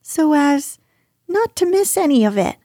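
A woman's voice: high voice, sing-song, measured pace, dark tone, dry recording, studio quality, pitched above the performer's own voice. A woman voicing a timid, anxious little male piglet in a storybook reading. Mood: eager. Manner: eager, anxious.

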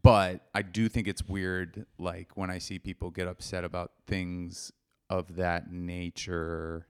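Casting note: low gravelly male comic, laid-back, meandering and full of "like". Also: little pitch movement, slow. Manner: laid-back, lots of "like" and restarts. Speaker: comedian, podcast co-host. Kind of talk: casual chat.

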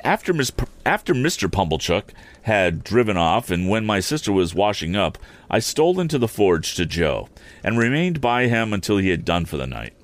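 A man reading a classic novel aloud, expressive, with occasional slips he corrects. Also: on the low side, normal speed. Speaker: audiobook reader.

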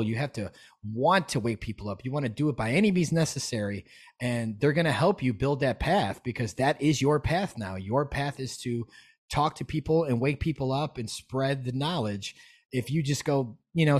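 A man talking as a podcast guest, animated and emphatic, swearing freely as he makes his points. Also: mid-range voice. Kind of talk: casual podcast conversation.

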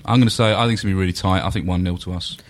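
A man's voice: sits low, steady tone, racing. A man on a football podcast panel, chatting casually and trading blunt, mocking one-liners.

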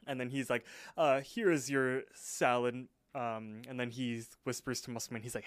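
A man's voice: medium pitch, fairly even intonation, clean tone, no room sound. A young man co-hosting a podcast, casually recapping a cartoon episode and briefly voicing its characters as he goes. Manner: retells scenes, voicing characters in quick impressions. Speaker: podcast co-host.

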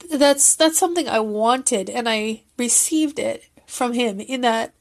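Woman, casual fan recap, earnest and emotional, a little high, thinks aloud. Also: measured pace. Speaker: fan commentator.

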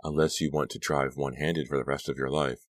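A man's voice: extremely low pitch, level tone, fairly quick, no echo, clean studio sound. Man playing a sullen, scornful teen girl. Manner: scornful, cold.

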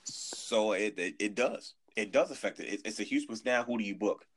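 A man in casual podcast chat, animated and emphatic, often restarting his sentences. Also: on the low side, fairly quick. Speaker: podcast guest.

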